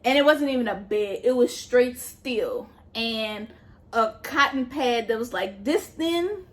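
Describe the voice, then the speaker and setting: Casual storytime vlog A woman tells her story in an animated, foul-mouthed way and keeps talking straight to her viewers. Her voice sits a little high for a woman, and she often drops into quieter, lower asides. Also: measured pace. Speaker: vlogger.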